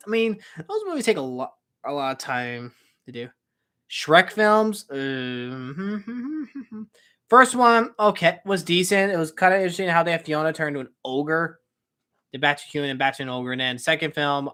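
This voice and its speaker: A man's voice: a little high, a bit bright, clean tone. A young man hosting a casual live-stream Q&A, answering chat questions in an upbeat, rambling way with many fillers and self-corrections.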